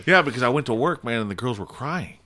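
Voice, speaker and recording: A man's voice: mid-range voice, lively intonation, fast talker, bright, forceful tone. Profane, storytelling man. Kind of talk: casual podcast banter.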